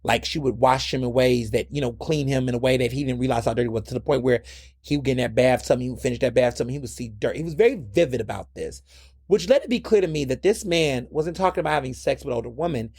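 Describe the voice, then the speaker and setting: A man's voice: mid-range voice, fast, darkish tone, no room sound, studio quality. A man hosting his own podcast, giving blunt, impassioned solo commentary and repeating words when worked up. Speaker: podcast host.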